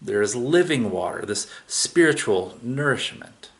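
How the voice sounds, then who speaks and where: A man's voice: medium pitch, animated, measured pace. A man preaching a sermon, retelling a scripture story in a casual, conversational way with everyday asides. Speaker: pastor.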